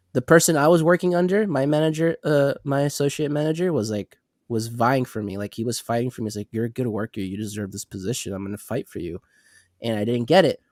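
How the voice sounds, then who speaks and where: A man's voice: medium pitch, no room sound, clean studio sound. A man co-hosting a podcast, telling a work story in a casual rant, acting out the quoted lines and swearing, sounding sick and congested. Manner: animated retelling, acts out quoted dialogue, swears. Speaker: podcast co-host.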